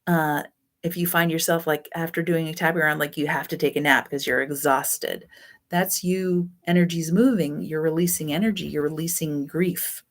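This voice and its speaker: A woman's voice: low-pitched, fairly even intonation, moderate pace. A woman teaching a self-help class on codependency in a loose, chatty way, often correcting herself. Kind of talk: spoken self-help lesson.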